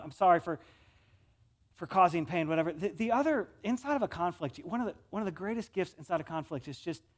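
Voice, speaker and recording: A male pastor with a West Michigan accent, preaching a sermon in a conversational way, often repeating words and moving between loud stretches and soft ones. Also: on the high side.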